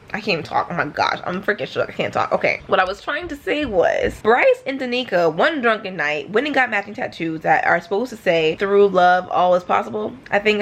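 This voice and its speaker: Animated young woman with a lively voice. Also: a little high. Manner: animated, emotional, exclamatory. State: tearful. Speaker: book vlogger. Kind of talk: casual reading vlog. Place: at home.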